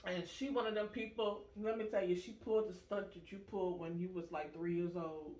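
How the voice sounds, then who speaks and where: A woman hosting a casual chat, telling stories with animated acted-out quotes. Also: on the low side, a little fast. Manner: animated storyteller, acts out quoted voices. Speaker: vlog host. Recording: echoey room, muffled sound.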